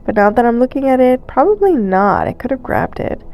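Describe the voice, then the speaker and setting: Stuffy-nosed woman, gravelly chatty voice-over. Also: fairly high pitch, brisk. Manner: chatty, relaxed, with fillers and small laughs. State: stuffy nose. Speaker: thrift vlogger. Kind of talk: casual voice-over narration. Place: recorded voice-over.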